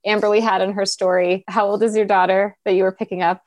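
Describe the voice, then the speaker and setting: A woman's voice: medium pitch, flat delivery, fast talker, no room sound. A woman coach speaking as an interview guest, eager and earnest, often restarting her sentences. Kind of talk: conversational interview.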